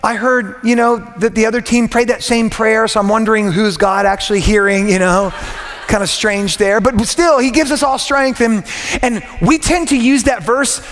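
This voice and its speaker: A man in his thirties preaching a sermon and praying, animated, often repeating words as he builds up. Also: moderate pace, soft background music. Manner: animated, repeats words when excited, rising pitch. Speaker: pastor. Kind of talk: sermon with prayer. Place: church auditorium. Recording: long hall reverb.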